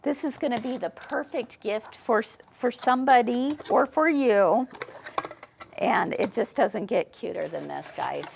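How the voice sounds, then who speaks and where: A woman hosts a live shopping broadcast, bubbly and gushing over every product. Her voice sits a little high and carries a gravelly fry. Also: lively intonation, measured pace, a little hiss or hum. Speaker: host. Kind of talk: live shopping show chat.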